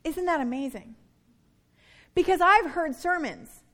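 A middle-aged woman pastor delivers a sermon in a high voice. She is earnest and slows down to stress her points, often falling soft and quiet on key words before lifting again. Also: expressive.

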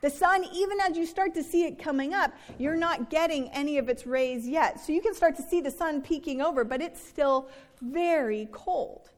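In a reverberant worship hall, a woman preaches a sermon and reads scripture at a moderate pace, her voice sitting high with a bit of hiss or hum on the recording. She's earnest and conversational and performs the quoted complaints.

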